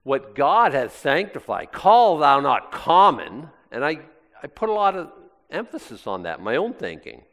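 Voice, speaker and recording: A man's voice: fairly high pitch, sing-song, unhurried, a bit bright. A man with an American accent preaching a casual sermon in a rambling, folksy way, often interrupting himself. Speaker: pastor. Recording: reverberant hall.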